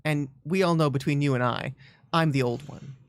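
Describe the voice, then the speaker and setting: A woman streaming a game playthrough, chatting casually, playful and quick to laugh. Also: low voice, noisy background.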